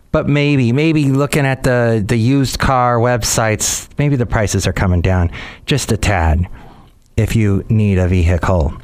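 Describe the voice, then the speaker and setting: A man's voice: mid-range voice, clean tone. A man hosting a podcast in a rambling, jokey, digressive monologue. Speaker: podcast host. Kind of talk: casual chat monologue.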